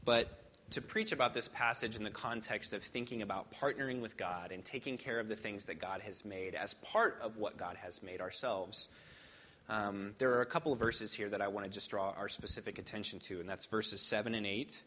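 A man leading worship as pastor, reading scripture in a measured way and then preaching conversationally with fillers. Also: fairly low pitch, a bit bright. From rural Midwest farming family.

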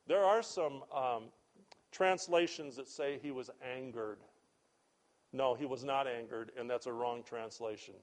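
Slow, emphatic male preacher. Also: mid-range voice. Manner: measured and emphatic, slowing on key words; interrupts the reading with plain asides to the congregation. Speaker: pastor. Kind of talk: sermon with scripture reading.

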